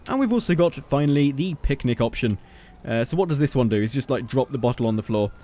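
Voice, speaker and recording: Lively jokey man narrating gameplay. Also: mid-range voice, fast. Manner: playful and jokey, teasing the character on screen. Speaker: gaming video creator. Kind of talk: casual gameplay commentary.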